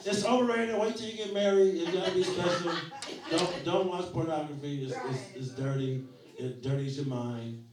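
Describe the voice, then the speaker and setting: Forties guy doing crude standup, highish voice, super echoey far-off club sound with the crowd laughing. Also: normal speed. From Rochester, New York. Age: 40s. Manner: profane storytelling with acted-out quotes. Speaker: stand-up comedian. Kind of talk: stand-up set. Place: small comedy club. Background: audience laughing.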